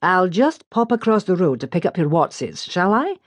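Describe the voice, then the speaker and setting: A woman voicing a jovial, well-informed army colonel with a Scottish accent, in a brisk, obliging manner, for an audiobook. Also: lowish voice, big pitch swings, dry recording, pitched above the performer's own voice. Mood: breezy.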